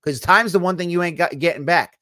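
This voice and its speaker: A man's voice: a little high, a little fast, pushed and bright, no room sound, studio quality. A young man, preaching a sermon in a blunt, conversational way with teasing asides. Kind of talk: sermon-style teaching.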